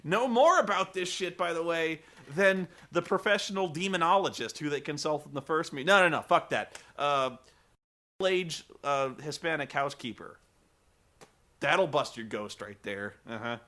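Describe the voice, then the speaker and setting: A man's voice: a little high, expressive, normal speed, bright, forceful tone. A man giving a comedic film review in a rambling, profane way, full of fillers.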